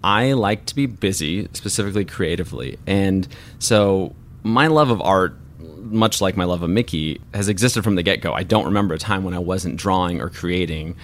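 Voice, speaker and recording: A man's voice: sits low, normal speed. A man in his thirties, a voice actor guest in an interview, telling personal stories in an earnest, reflective and openly emotional way.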